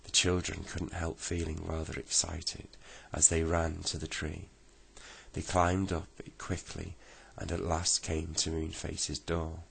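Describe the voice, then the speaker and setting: A man reads a bedtime story aloud in a very low voice, slow and gentle throughout. His tone is gravelly, with a husky, breathy grain. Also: completely flat delivery.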